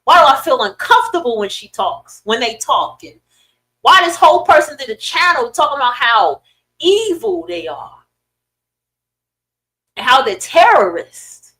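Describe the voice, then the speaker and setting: A middle-aged woman hosting a podcast, ranting in casual, profane commentary with sudden loud swings and a dry throat. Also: high voice, big pitch swings, a little slow, slight background noise, rough recording. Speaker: podcast host.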